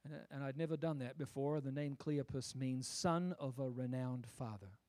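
A man preaching a sermon, emphatic and rhetorical, swinging from quiet asides to loud declarations. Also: medium pitch, moderate pace.

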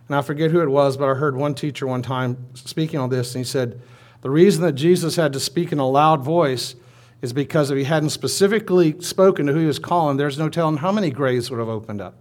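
A man's voice: a little high, a little fast, darkish tone. A man preaching a sermon, retelling a story in a conversational way with asides.

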